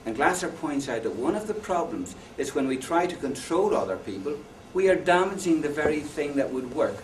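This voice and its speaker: Very animated and fairly quick, a man with a slightly high voice lectures a conference audience about education. He mixes anecdotes and jokes with questions to the crowd. The recording is distant and echoey, with faint noise in the hall.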